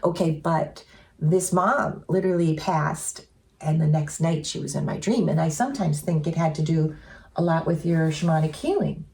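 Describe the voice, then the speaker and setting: A woman shares stories in an earnest, chatty manner, with a slightly low voice that has some gravel in it. She fills her talk with "um" and "you know" and drops into a soft voice when she quotes someone. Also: moderate pace. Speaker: co-host sharing spiritual experiences. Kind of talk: casual storytelling chat.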